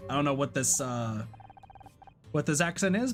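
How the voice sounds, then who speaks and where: A man's voice: on the high side, animated, moderate pace, pauses often, faint music behind. A man streaming a video game, talking casually and hesitantly as he plays. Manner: rambling, hesitant. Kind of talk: casual gameplay commentary.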